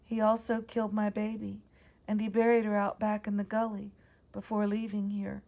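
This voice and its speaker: A woman voicing the ghost of a young aunt with a Southern accent, speaking softly and pleading for her murdered baby. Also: mid-range voice, completely flat delivery, normal speed, vocal fry, lightly acted. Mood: sorrowful. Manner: soft, pleading.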